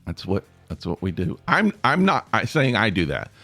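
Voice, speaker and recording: With soft music in the background, an East Tennessee man hosts a solo podcast in his regional accent, rambling, poking fun at himself, and requesting listener feedback. His lowish voice is pushed and bright, with big pitch swings, at a moderate pace. There's no echo.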